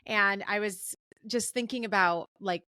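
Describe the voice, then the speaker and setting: Woman guest in her 30s, crisp bright tone, dry close sound, emphatic encouraging delivery. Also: medium pitch, unhurried, dry recording. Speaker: guest, communications professor. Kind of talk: conversational podcast interview.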